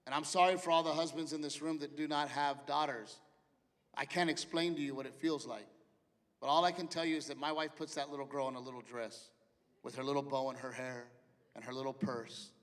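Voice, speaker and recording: A middle-aged man doing a stand-up comedy routine, animated storytelling that acts out his family members. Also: mid-range voice, fairly quick. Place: large theater with live audience. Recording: live venue reverb, audience noise.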